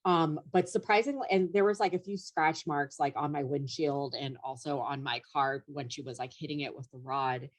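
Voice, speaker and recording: Young woman guest, low voice, rambling story with plenty of "like" and "um", laughs here and there; casual podcast chat. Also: normal speed, few pauses. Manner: rambling, filler-heavy, laughs through story. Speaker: comedian guest.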